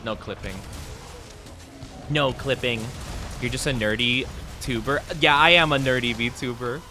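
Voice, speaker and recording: A man's voice: mid-range voice, unhurried, pushed and bright, soft background music. A man streaming a game, chatting casually with his viewers in playful, self-deprecating banter. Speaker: gaming streamer. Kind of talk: casual live-stream chat while gaming.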